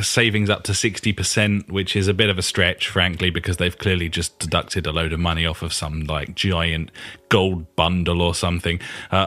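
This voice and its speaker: A man's voice: low-pitched, bright, forceful tone. A man co-hosting a casual gaming podcast, dry and sarcastic, who swears casually and keeps calling his co-host buddy. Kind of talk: casual gaming news chat.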